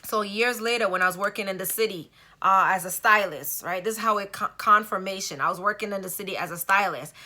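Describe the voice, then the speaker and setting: Emphatic woman telling a story, bright tone. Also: medium pitch, fast talker. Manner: emphatic, with rhetorical asides. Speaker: vlogger. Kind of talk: casual storytelling monologue.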